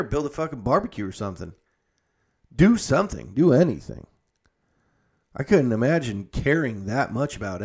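A man hosting a podcast, ranting casually with lots of swearing, then leading a mock-calm breathing exercise. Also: mid-range voice. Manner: profane, animated ranting that shifts into a mock-calm guided breathing bit. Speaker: podcast host.

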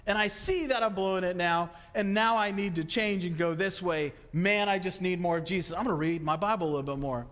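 A man with a high, bright-toned voice preaches to his congregation, rushing ahead when he gets excited. His words ring out with a long hall reverb, as in a church sanctuary. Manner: fast, excitable, animated delivery with acted-out asides. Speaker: pastor. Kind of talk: sermon.

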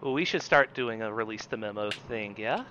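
A man co-hosting a comedy podcast, riffing in an animated way. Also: lowish voice, moderate pace, muffled recording. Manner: animated, riffing, laughing along. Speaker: podcast co-host. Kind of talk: comedic casual chat.

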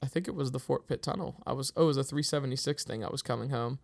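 Gravelly-voiced man from Pittsburgh, chatty. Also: medium pitch, rapid-fire. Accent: slight Pittsburgh. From Pittsburgh, USA. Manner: chatty storyteller, laughs often. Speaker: podcast co-host. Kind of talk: casual chat.

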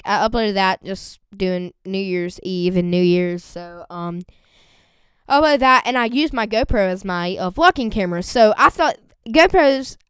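A teenage girl chatting casually on a podcast, rambling and excitable, with a voice that cracks. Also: mid-range voice, smooth, no echo. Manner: rambling and excitable, lots of fillers. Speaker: vlogger.

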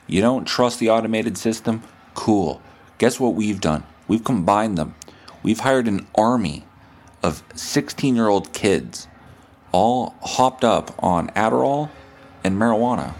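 A man's voice: on the low side, expressive, measured pace. A man hosting a podcast, rambling through a profane comedic monologue and a joking phone call. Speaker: podcast host.

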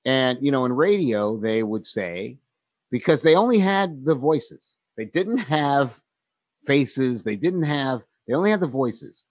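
A man muses his way through a casual conversation, pausing often with ums and laughing easily as he goes. His voice sits at an ordinary pitch for a man. It is recorded close and dry, with no room sound. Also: expressive, dry recording. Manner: thoughtful, with many pauses and ums, laughs easily. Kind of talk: casual conversation about writing.

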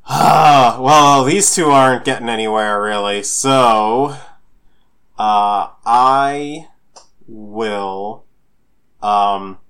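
A man playing a tabletop game, speaking deliberately and hesitantly as he decides his character's moves. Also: mid-range voice, fairly bright tone, smooth. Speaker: player. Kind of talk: tabletop role-play chat.

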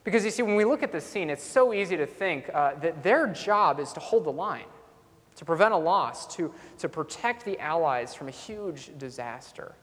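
A man's voice: a little high, lively intonation, moderate pace, a bit bright. Earnest male pastor in a reverberant hall. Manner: earnest storytelling, repeating a refrain. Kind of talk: sermon. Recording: long reverb in a large hall.

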